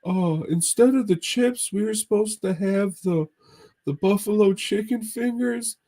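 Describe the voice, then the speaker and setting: A man's voice: sits high, a little slow, dark tone, pitched above the performer's own voice, poor audio. A man voicing his male friend as an awkward, hesitant speaker who is hard to understand. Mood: confused. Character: fumbling high-voiced male friend, awkward.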